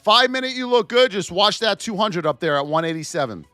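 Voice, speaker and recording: Man, high voice, bouncy sing-song delivery, live market commentary, dry room. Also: a little fast, smooth, dry recording, faint music behind. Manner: animated, sing-song calls and shouts. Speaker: stock trading livestream host. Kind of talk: live market commentary with chat shout-outs.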